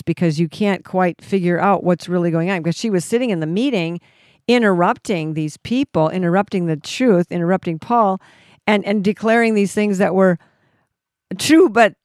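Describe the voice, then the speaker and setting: A woman's voice: on the low side, darkish tone, dry recording, studio quality. A woman leading a ministry, giving a Christian teaching talk in a fervent, exhorting way with frequent restarts. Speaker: ministry leader and Bible teacher.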